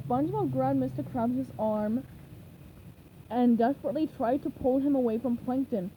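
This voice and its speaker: A woman reading a children's novelization aloud in slow, measured storytelling. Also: a little high, mellow, slight background noise, low-quality recording. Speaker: reader.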